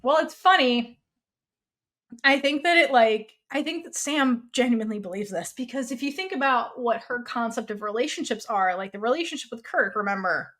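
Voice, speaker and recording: A woman co-hosting a podcast in casual chat, animated, acting out characters' lines with sudden jumps in pitch. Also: normal speed. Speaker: podcast co-host.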